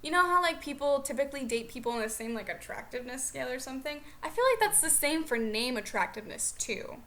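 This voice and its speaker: A young woman vlogger telling a funny story in a chatty, animated way. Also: high voice, quick pace. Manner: chatty, animated, lots of "like" fillers. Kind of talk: comedic storytelling vlog.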